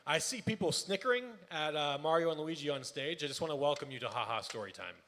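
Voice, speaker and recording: A man's voice: on the high side, expressive, fast, a bit bright. A man hosting a live comedy show, cutting in with playful heckling. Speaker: show host. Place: stage in a performance venue. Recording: far hall reverb with faint room noise.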